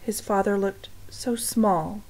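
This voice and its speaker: A woman's voice: medium pitch, steady tone, slow pace, rough recording. A woman reading a storybook aloud to young listeners, stopping to speak to them directly. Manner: warm direct address to listeners.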